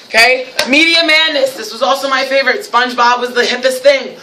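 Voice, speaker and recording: A woman with a North Jersey accent leading a teacher training workshop, lively and acting out classroom scenes. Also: high-pitched, a little fast, a little hiss or hum. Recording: echoey room, mic from far off.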